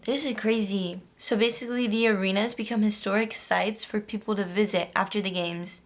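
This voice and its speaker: A woman's voice: mid-range voice, fairly even intonation, fairly quick, hardly any pauses, soft background music. A young woman book vlogger chatting casually and animatedly about a novel, often laughing. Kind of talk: casual reading vlog.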